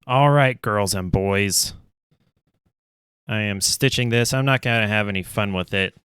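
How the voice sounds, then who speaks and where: A man's voice: on the low side, a little slow, a bit bright, clear, resonant tone, dry recording, studio quality. A man streaming casually while he stitches, rambling along with self-deprecating asides. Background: faint lo-fi music.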